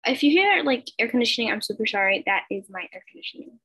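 Brief: teen girl, breathy and fairly high, hesitant casual reader of fan fiction, laptop mic at home. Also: lively intonation, fast, fairly bright tone, low-quality recording. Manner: hesitant, stumbling, many fillers. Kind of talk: casual reading of a fan story. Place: bedroom at home. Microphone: laptop over a video call.

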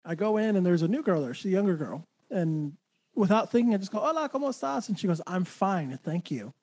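A man's voice: sits high, lively intonation, fairly quick, warm tone, low-quality recording. A man hosting a podcast, chatting and telling a story in an easygoing way with small stammering restarts. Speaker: podcast host. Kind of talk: casual chat.

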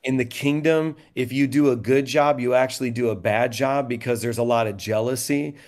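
Middle-aged man, pastor, mid-pitched voice, reflective, chatty podcast talk. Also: fairly even intonation, normal speed, a little mellow. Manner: reflective, chatty, joking asides. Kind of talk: candid podcast conversation.

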